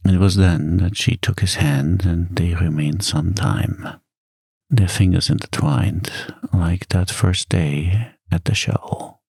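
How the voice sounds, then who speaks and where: A man reads a bedtime story in a soft-spoken ASMR style, his voice deep and slow. There is a husky, gravelly texture to it, and the close recording sounds dry, with no room around it. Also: steady tone, no echo. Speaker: audiobook narrator.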